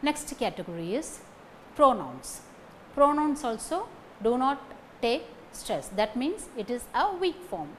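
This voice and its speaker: A woman giving a recorded lecture on phonetics, speaking deliberately, repeating example sentences and checking in with "okay" between points. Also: on the high side, sing-song, fairly bright tone, a little hiss or hum, low-quality recording.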